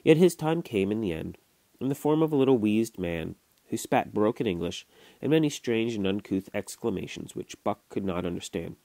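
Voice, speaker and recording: A man reading a classic novel aloud to his children, at a steady storytelling pace with small restarts. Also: lowish voice, normal speed, gravelly, dry recording. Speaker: father reading to his kids. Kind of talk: audiobook narration. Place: home recording.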